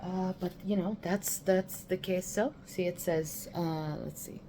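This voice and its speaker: A woman's voice: on the low side, steady tone, a little slow, mellow, a little hiss or hum, low-quality recording. A woman chatting casually in a rambling, chatty way while cooking in her home kitchen for her vlog. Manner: rambling, chatty, fond of swearing. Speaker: vlogger host.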